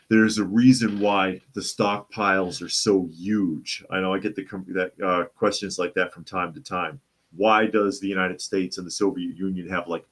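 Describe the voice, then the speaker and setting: A man's voice: deep voice, a bit bright. A man from the Boston area hosting a live talk show, reading viewer comments and answering in a conversational way, often restarting and repeating phrases. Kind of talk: casual opinion talk.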